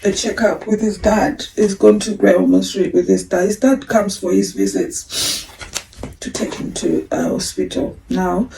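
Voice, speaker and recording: A woman's voice: medium pitch, fairly even intonation, unhurried, creaky, dark tone, slight background noise, low-quality recording. A woman in her forties hosting a podcast, telling a personal story in a candid, emotional, rambling way with frequent restarts. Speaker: podcast host.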